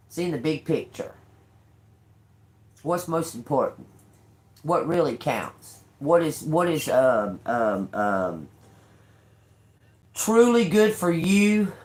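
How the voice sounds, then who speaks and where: A woman's voice: sits low, a little mellow, slight background noise. An older woman giving a live tarot reading, blunt and profane and laughing often. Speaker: tarot reader.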